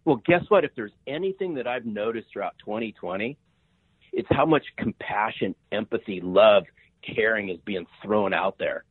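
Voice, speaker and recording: A man's voice: fairly low pitch, moderate pace, breathy edge, no echo. A man in his fifties, a sales author and podcast guest, talking emphatically and often asking "right?". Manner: emphatic, repeats words, asks "right?" often. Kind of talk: energetic interview talk. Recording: tinny phone-line sound.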